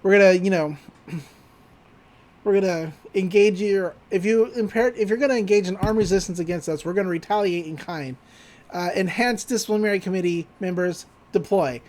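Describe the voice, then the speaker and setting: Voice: medium pitch, a little fast, a little mellow, natural voice. A podcaster voicing a stern, imposing male student brigade leader who makes blunt, profane threats while recapping a cartoon. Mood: threatening.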